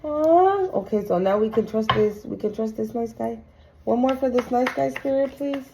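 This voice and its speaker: A woman's voice: a little high, level tone, vocal fry, noisy background. A woman doing a casual tarot reading for her viewers, emphatic and profane. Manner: emphatic, profane, slow and drawn out. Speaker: tarot reader.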